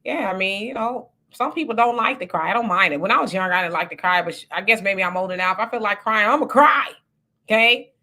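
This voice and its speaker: Bright-voiced chatty woman host. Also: mid-range voice, quick pace, few pauses. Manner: chatty, laughs often, animated asides. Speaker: livestream host reading viewer comments. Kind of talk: casual live chat.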